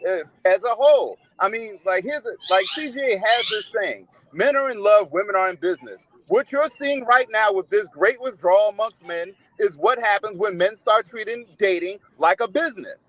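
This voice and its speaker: High-voiced man arguing his point. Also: normal speed, hardly any pauses, fairly bright tone, poor audio. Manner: assertive, pushes back. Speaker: panel guest. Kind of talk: casual panel discussion.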